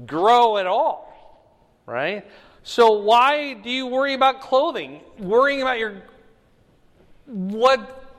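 Male pastor, unhurried sermon delivery with rhetorical questions, high-pitched voice, recorded in an echoing church hall. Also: a bit bright. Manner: reads scripture with rising emphasis, then explains casually; asks the audience rhetorical questions.

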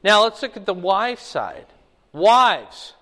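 Pastor, male, higher voice, teaching sermon, conversational, frequent check-ins, long hall reverb. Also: sing-song, takes it slowly, bright, forceful tone. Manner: conversational, checks in with the congregation often.

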